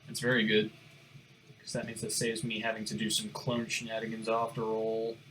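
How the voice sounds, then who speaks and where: A man's voice: lowish voice, completely flat delivery, normal speed, a bit bright, slight background noise. A young man giving casual gameplay commentary, rambling, muttering to himself and swearing now and then. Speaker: gaming streamer.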